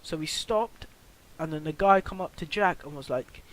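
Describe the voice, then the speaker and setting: A teenage boy recounts a story for his vlog, slightly high in pitch. He rambles, restarts often, packs in fillers and swears freely. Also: moderate pace, low-quality recording. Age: teens. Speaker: vlogger.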